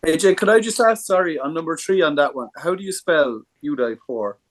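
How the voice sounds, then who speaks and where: A man taking part in a quiz over a video call, chatty and quick to laugh. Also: on the high side. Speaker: quiz contestant.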